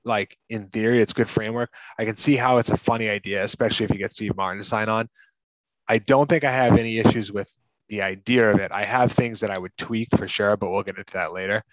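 A man's voice: lowish voice, fairly even intonation, fast, dry recording, highs cut off. A man from Massachusetts co-hosting a casual movie podcast, rambling with lots of "like" and "you know". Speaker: podcast co-host.

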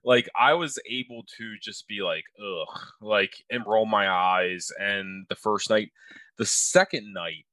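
A man's voice: on the low side, steady tone, unhurried, bright, forceful tone, dry recording. A man co-hosting a podcast, telling a profane, exasperated story in casual chat. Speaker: podcast co-host.

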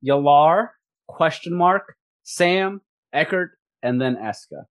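A man's voice: fairly high pitch, lively intonation, takes it slowly, no echo. A man running a tabletop role-playing game as game master, narrating the scene and voicing the figures himself. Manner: descriptive, voices the figures himself.

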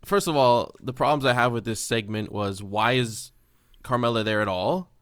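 A man's voice: mid-range voice, moderate pace, a bit bright, clear, resonant tone, no room sound, studio quality. A man co-hosting a casual podcast, joking and walking through a segment in detail. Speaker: podcast co-host. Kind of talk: casual wrestling podcast chat.

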